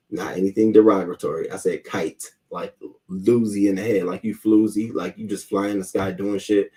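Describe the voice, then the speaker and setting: A man rants in a heated, profane stream of talk while greeting chat viewers by name. His voice sits low and mellow. He sounds set back from the microphone. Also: distant mic. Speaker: host. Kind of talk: casual live-stream rant.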